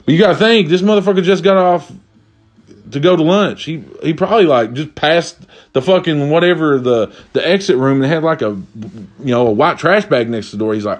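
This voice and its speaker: A man's voice: mid-range voice, lively intonation, fairly quick. Young guy cussing and rambling thru a funny rant, lots of likes and restarts. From Kentucky. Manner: rambling, swears constantly, many restarts and fillers. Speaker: vlogger. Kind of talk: profane comedic rant.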